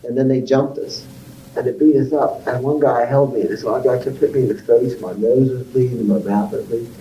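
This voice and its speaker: A man's voice: medium pitch, fairly even intonation, fairly quick, warm tone, far from the mic, a little hiss or hum. Man telling rambling stories, roomy echo. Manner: rambling, does voices and sound effects in his stories. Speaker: interviewee. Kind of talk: casual storytelling about his youth.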